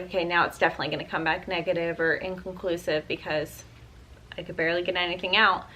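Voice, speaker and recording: A woman's voice: lowish voice, a bit bright. A woman in her twenties chatting casually to camera in an earnest way, with many likes and ums as she tells a personal story. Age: 20s. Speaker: vlogger.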